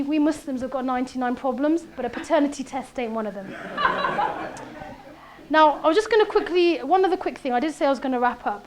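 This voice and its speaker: High-pitched woman, 30s, comedic speaker, animated storytelling with faint background noise. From Britain. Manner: punchy, animated delivery with quoted voices. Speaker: comedian giving a talk. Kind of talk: conversational talk with comic stand-up bits. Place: event room.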